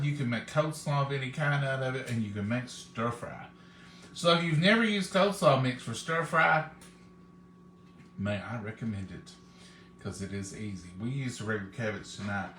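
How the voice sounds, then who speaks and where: A man's voice: medium pitch, bright, forceful tone, echoey room, a little hiss or hum. A man, hosting a live cooking stream and chatting with viewers in a homey, folksy way. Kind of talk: casual chat to viewers.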